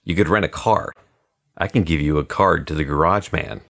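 A man doing a gravelly, calm hotel detective. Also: rumbling low, heavily acted. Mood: soft. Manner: soft, calm and unhurried. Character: quiet, plump middle-aged hotel detective.

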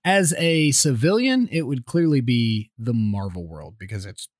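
A man's voice: mid-range voice, animated, measured pace, dry recording, clean studio sound. A young man co-hosting a podcast, chatting casually in a slangy, joking, laid-back way. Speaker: podcast co-host. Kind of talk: casual chat.

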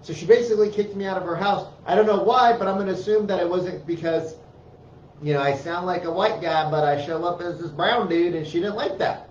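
Brief: high-pitched man, blunt and emphatic motivational talker, heard from a distance with a dull tone. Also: brisk, a little mellow, a little hiss or hum. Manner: blunt, emphatic, swears freely. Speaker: speaker giving life advice to parents. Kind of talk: casual motivational talk. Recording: roomy, distant, dull sound with faint ambience.

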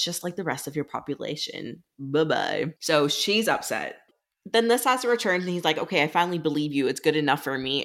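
This podcast co-host is a young woman whose deep voice has a slight brightness. Chatting casually on a video call, she recaps a novel, drops casual swears, and performs the characters' dialogue.

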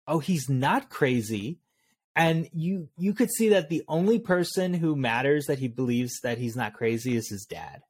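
A man co-hosting a casual movie podcast, musing aloud in a relaxed way. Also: on the high side, breathy edge. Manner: relaxed, thinking aloud with fillers. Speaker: podcast co-host.

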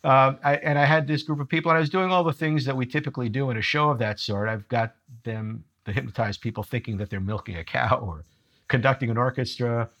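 A middle-aged man of medium pitch tells a story in an interview. He is animated and often chuckles at his own jokes. He speaks as a coach for leaders. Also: fast, dull audio. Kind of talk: storytelling conversation.

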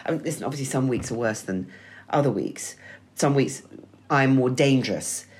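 A woman's voice: a bass voice, animated, moderate pace, darkish tone. A middle-aged woman co-hosting a podcast, talking in a wry, emphatic way and swearing freely. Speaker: podcast co-host. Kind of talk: scripted-sounding conversational essay.

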